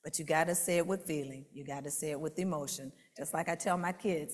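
A woman with a fairly low voice shares her church testimony with fervent conviction, slowing and rising on her emphatic lines. Her words ring out through a large sanctuary with a long, lingering reverb. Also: steady tone. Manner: fervent, rises loud and slow on emphatic lines. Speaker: preschool teacher giving a church testimony.

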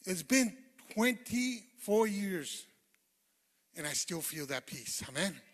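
Man, preacher, high voice, earnest testimony, hushed then loud, long hall reverb. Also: takes it slowly, a little hiss or hum. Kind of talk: sermon testimony.

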